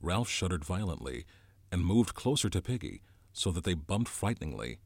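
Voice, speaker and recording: A man narrating a novel in a measured, dramatic storytelling manner. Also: sits low, big pitch swings, creaky, dry recording, studio quality. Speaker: audiobook narrator. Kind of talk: scripted narration.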